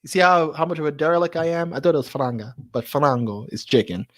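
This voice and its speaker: A man's voice: a little high, steady tone, fast, a bit bright. A man hosting a live stream in a casual, chatty way, laughing often and repeating words as he talks.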